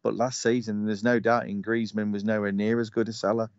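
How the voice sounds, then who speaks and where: A man's voice: fairly low pitch, level tone, brisk, no echo, highs cut off. A man co-hosting a fan stream, giving blunt opinions in casual chat and often restarting his sentences. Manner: opinionated, restarts and stumbles on words. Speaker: co-host and pundit.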